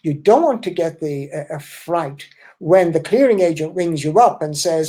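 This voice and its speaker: A man's voice: fairly high pitch, animated, moderate pace, mellow, slightly rough. A man answering audience questions in a webinar as an import-export trainer, explaining with emphasis and correcting himself.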